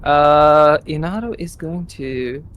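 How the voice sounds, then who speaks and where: A man's voice: fairly high pitch, slow pace, highs cut off, a little hiss or hum. A man from India running a tabletop game as game master, narrating casually and hesitantly with many "like" and "uh". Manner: hesitant, full of "like" and "uh".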